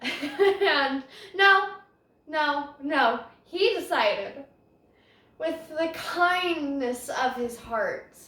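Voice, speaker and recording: Podcast host: young woman, rambling self-conscious storyteller, bright high voice, sits back from the mic. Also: expressive, very slow, recorded from a distance. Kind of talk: casual storytelling. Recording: roomy echo, voice off-mic.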